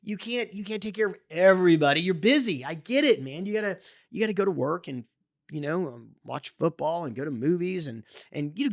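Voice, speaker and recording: A podcast host in an opinionated monologue, getting worked up and often restarting and repeating words. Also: medium pitch.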